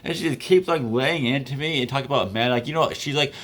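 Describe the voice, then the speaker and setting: A young man in his twenties tells a story casually, speaking fast at a medium pitch with a slightly bright tone. He rambles, leans on fillers, and laughs between lines, staying loose and conversational throughout.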